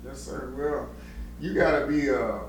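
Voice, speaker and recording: Middle-aged man sharing his testimony, stumbling and repeating, recorded far off in a very roomy space. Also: mid-range voice. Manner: halting, repeats words, heartfelt. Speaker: interviewee giving testimony. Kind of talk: personal testimony interview. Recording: echoey room, distant mic, faint noise.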